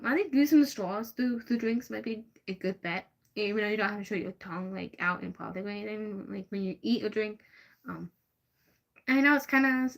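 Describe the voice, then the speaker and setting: A young woman hosting a casual livestream, answering viewers' questions and trailing off into frequent ums and repeated restarts. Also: a little high. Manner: rambling, hesitant, many fillers and restarts. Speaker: livestream host.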